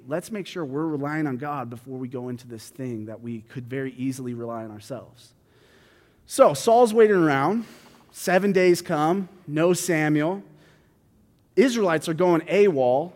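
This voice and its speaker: A man reads a Bible passage and then explains it in a relaxed, conversational way, thinking aloud with fillers and restarts. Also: on the high side. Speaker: Bible teacher. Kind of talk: reading scripture then explaining it casually. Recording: long hall reverb.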